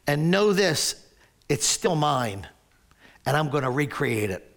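A man in his sixties preaching a sermon, voicing God as a calm, commanding male creator in a slower, lower delivery. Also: creaky, exaggerated voice. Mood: declaring.

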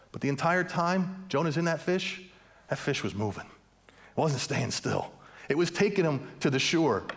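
A man preaching a sermon, asking the congregation questions and mixing in light humor. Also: medium pitch. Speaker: pastor.

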